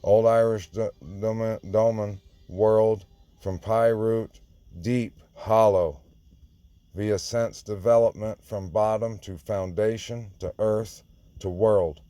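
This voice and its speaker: A man's voice: fairly low pitch, fairly even intonation, slow pace, warm tone, smooth, dry recording. A man giving an informal sermon, insistent and confrontational, often repeating himself. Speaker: online preacher.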